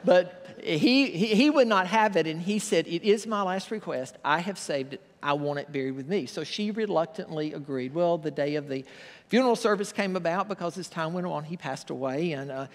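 A man preaching a sermon as pastor, telling a story with quiet asides before moving on to a forceful, emphatic delivery. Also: a little high, lively intonation, moderate pace. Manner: storytelling, quiet and soft through the joke, then loud and emphatic. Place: church sanctuary. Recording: long reverb of a church hall.

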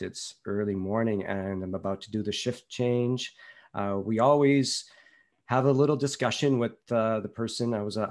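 A man giving a casual leadership lecture, talking loosely with many "you know"s. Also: fairly low pitch. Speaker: business speaker.

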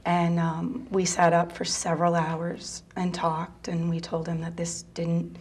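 A middle-aged mother telling a personal story in an interview, soft-spoken and halting, sometimes dropping to a near whisper. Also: lowish voice, monotone, breathy edge. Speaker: mother of a gay teen son; interview guest.

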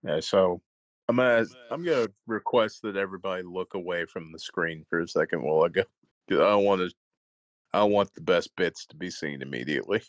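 A man hosting a casual podcast chat, relaxed and quick to laugh. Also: deep voice, no echo. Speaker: podcast host.

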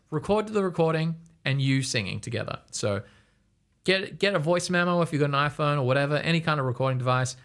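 A young man from Australia giving a casual music lesson, rambling and chatty, laughing often. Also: fairly bright tone. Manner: rambling, chatty, laughs often, mimics reactions in a high squeal. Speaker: music coach.

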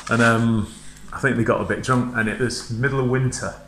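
A man, casually reminiscing to camera about his old band, chatty and quick to laugh. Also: mid-range voice, steady tone, a bit bright, slight background noise. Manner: chatty, laughs often, rambling anecdotes. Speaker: heavy metal vocalist. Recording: echoey room.

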